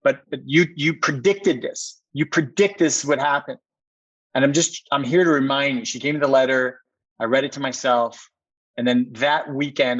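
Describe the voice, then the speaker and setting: A man's voice: mid-range voice, dry recording, muffled recording. A man, a company co-founder, telling a personal story as a podcast guest, earnest and repeating words for emphasis.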